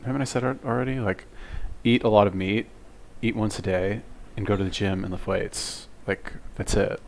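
A man's voice: lowish voice, fairly even intonation, moderate pace, creaky. A man giving casual reaction commentary on a video, blunt, profane and exasperated, lecturing his viewers.

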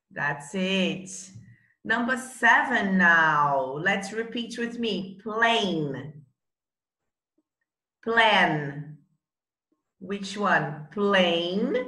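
Slow, bright-voiced woman teaching. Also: lowish voice, echoey room, low-quality recording. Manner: slow, encouraging drilling of words. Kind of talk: bilingual classroom lesson.

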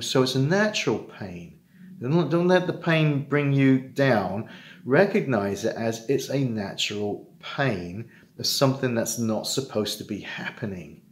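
A middle-aged man with an earnest, halting manner, talking straight to fellow fathers in a heartfelt personal monologue. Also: medium pitch, echoey room. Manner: earnest, halting, with many restarts and repetitions. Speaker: father giving advice to estranged dads.

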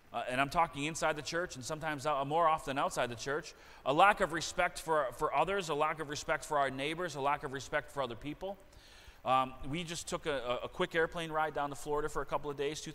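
A man's voice: fairly high pitch, sharp tone. A middle-aged male pastor preaching a sermon in a church, earnest and repeating key phrases for emphasis. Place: church sanctuary. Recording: long church reverb.

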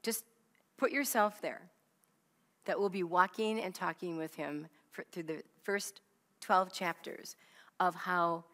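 A woman's voice: lowish voice, slow, fairly bright tone. A woman Bible teacher leading a study for a live group, stressing and repeating key phrases and quizzing her listeners. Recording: long reverb of a hall.

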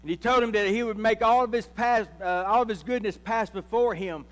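A man's voice: sits high, fairly quick, a bit bright, big-room sound. A man, a pastor, preaching a sermon and calling out to his congregation. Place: church sanctuary.

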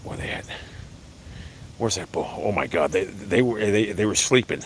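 A man livestreaming outdoors on his phone, rambling excitably to his viewers and swearing freely. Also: on the low side, normal speed, a little hiss or hum. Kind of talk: outdoor live stream chat. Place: outdoors by a hill.

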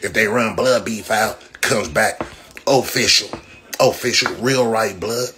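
On his own livestream, a man rants brashly, mocking the viewers in his comments with profane trash talk. His voice is fairly low and his pace measured, and the audio is noisy phone livestream sound.

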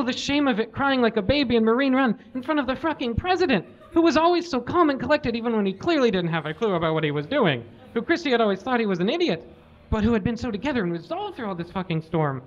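A man doing a live comic story reading, mock-tender and sprinkled with swearing, on a slightly muffled live recording. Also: sits high. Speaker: reader. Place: live show venue.

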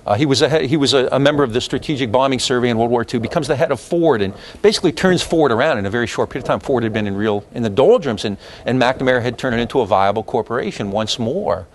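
A man's voice: medium pitch, animated, quick pace, hardly any pauses, a little hiss or hum. A man lecturing a history class in a loose, digressive way, full of fillers and asides.

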